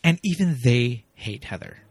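A man's voice: mid-range voice, animated, normal speed, darkish tone, breathy edge. A man hosting a podcast in casual chat, laughing often and talking loosely with fillers. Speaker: podcast host.

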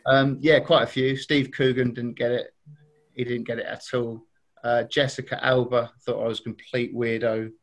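A chatty Englishman, a podcast guest, tells celebrity anecdotes at a middle pitch and a steady pace. He laughs often and acts out the voices of the people in his stories. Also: normal speed. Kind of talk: casual anecdote telling.

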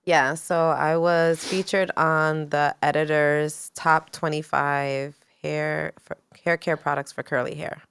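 Woman guest on a podcast, lowish smooth voice, easygoing, dry close sound. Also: slow pace, few pauses, no room sound. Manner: easygoing, animated when telling stories. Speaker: guest, salon owner. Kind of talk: casual chat.

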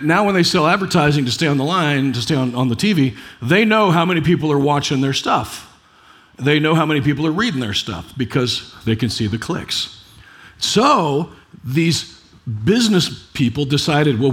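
A middle-aged man preaching a conversational sermon, full of rhetorical asides and quick restarts. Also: on the high side. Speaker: pastor.

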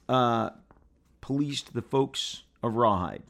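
A man's voice: medium pitch, lively intonation, slow, gravelly. A man reviewing comic books in a playful, rambling casual chat with frequent restarts.

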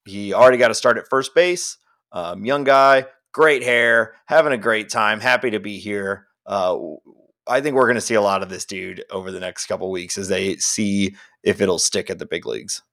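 A man's voice: on the low side, moderate pace, fairly bright tone. A man co-hosting a sports podcast, chatting casually and laughing easily. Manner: laughs easily, loose and joking. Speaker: podcast co-host.

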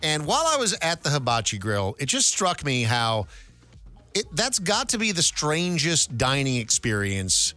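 Animated, bright-voiced radio co-host man. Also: fairly high pitch, moderate pace, soft background music. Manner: joking, storytelling, animated. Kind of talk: casual radio chat.

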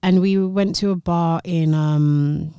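A woman's voice: lowish voice, steady tone, slow, warm tone, smooth, no echo, clean studio sound. Chatty woman with slang. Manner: chatty storytelling with slang and swearing. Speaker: podcast co-host. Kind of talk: casual podcast chat.

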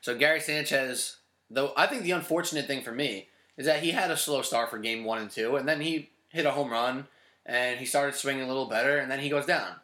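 Bright-voiced New podcast co-host. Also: male voice, mid-range voice, fairly quick. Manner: chatty, laughs often, teasing. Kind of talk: casual sports podcast chat. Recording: roomy echo.

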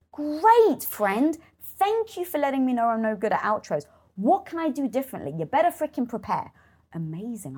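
A woman's voice: mid-range voice, a little mellow, husky. A middle-aged woman talking candidly in an interview, acting out her inner critic and swearing freely. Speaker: guest.

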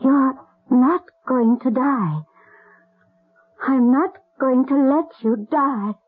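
An actress playing a tender lady of the house in a radio drama, speaking softly and pleading, close to tears. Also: sits high, lively intonation, takes it slowly, soft background music. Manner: soft, pleading, near tears. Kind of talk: 1970s radio drama acting. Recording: tinny narrow-band 1970s radio broadcast.

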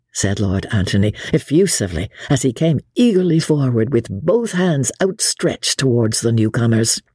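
A woman narrating a classic novel as an audiobook in an expressive storytelling manner. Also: very deep voice, slightly rough, no echo, clean studio sound.

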